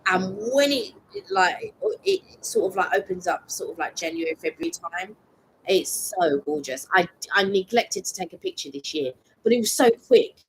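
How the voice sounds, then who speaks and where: A woman's voice: mid-range voice, sing-song, moderate pace, gravelly, breathy edge, rough recording. A woman co-hosting a live stream from her garden, rambling casually with lots of fillers. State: recovering lost voice. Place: outdoors in a garden. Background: birdsong.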